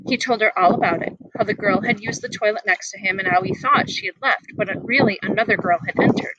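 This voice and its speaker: A woman reading a children's novel aloud outdoors in the wind, animated and giving the characters voices. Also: mid-range voice, fast, few pauses, no echo, low-quality recording. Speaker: reader. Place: outdoors, windy.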